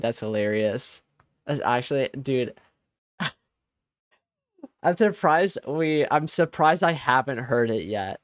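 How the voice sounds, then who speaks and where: A man's voice: mid-range voice, no echo. A young man hosting a live stream in a loose, laid-back chat, laughing often and losing his train of thought. His voice sits mid-range for a man. It comes across close and dry, with no room sound. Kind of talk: casual chat with stream viewers.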